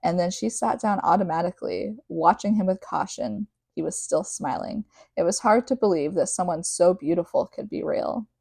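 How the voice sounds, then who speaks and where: A woman's voice: on the low side, moderate pace, gravelly, hardly any pauses, a little mellow, husky, no room sound. A young woman reading a novel aloud and breaking off into rambling, casual commentary, peppered with "like". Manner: chatty, rambling, heavy use of "like". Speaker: podcast host.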